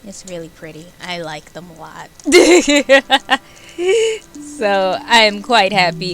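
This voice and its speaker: A young woman streamer chatting casually with her viewers, animated and giggly, rambling between topics. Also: mid-range voice, unhurried.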